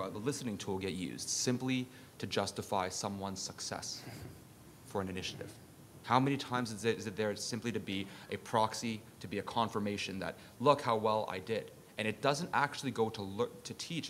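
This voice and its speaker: A man speaking on a conference panel, making his points with emphatic rhetorical questions. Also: fairly bright tone. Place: conference session room. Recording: faint background rumble.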